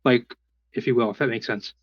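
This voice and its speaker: A man's voice: medium pitch, fairly even intonation, fairly quick, no echo, dull audio, pitched below the performer's own voice, lightly acted. A man voicing his druid character, speaking formally and apologetically to a shopkeeper. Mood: polite. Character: polite druid adventurer, a man.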